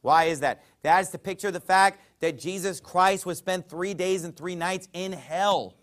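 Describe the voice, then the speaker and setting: Male pastor, high-pitched, emphatic sermon delivery, quotes scripture in archaic wording. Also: fairly even intonation, normal speed. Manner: emphatic preaching with sharp swings in loudness.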